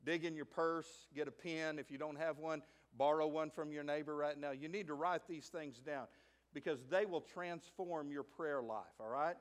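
A middle-aged male pastor preaching a sermon in an animated way, moving from hushed asides to loud, emphatic lines. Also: on the high side, normal speed. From United States. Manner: acts out a child's voice in stories.

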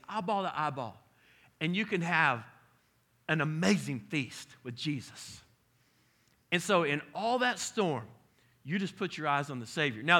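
A man, preaching a conversational, animated sermon as pastor. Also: sits high.

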